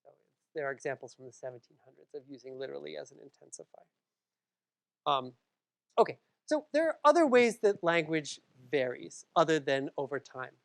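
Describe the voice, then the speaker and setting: A woman's voice: low voice, big pitch swings, moderate pace, creaky. A woman from Massachusetts giving a public library lecture, conversational, with frequent ums and asides to the audience.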